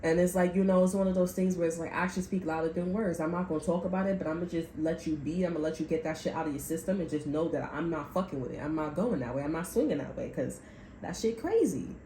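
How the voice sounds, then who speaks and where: Woman tarot reader, low mellow voice, blunt and profane, echoey room with faint hiss. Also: fairly even intonation, fast, few pauses. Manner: blunt and profane, acts out people's quotes. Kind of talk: casual tarot reading monologue.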